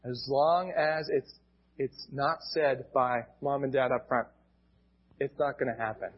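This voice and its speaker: A man's voice: mid-range voice, fairly even intonation, measured pace, husky, highs cut off. A male pastor with an American accent, preaching a sermon in a plain teaching tone and often restarting his words.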